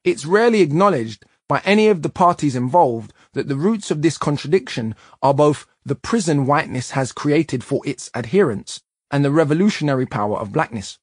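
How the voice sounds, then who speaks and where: Husky male audiobook narrator. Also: a little high, lively intonation, no echo, studio quality. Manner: measured, emphatic reading. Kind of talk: audiobook reading of nonfiction.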